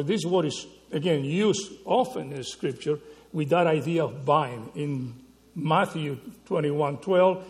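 A man preaching a sermon, teaching slowly and emphatically, often checking in with the listeners with a quick question. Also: a little high, a little mellow, big-room sound. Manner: slow, emphatic teaching with frequent rhetorical "right?" checks.

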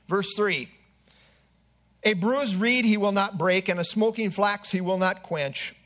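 A man's voice: high-pitched, a bit bright. A man preaching an earnest expository sermon with asides to the congregation.

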